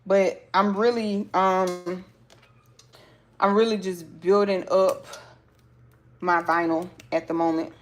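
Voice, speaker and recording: Woman craft host, slow and chatty, teaching sewing on a live stream. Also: fairly low pitch. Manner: chatty, talks to viewers as "y'all", excited exclamations. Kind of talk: casual live sewing tutorial.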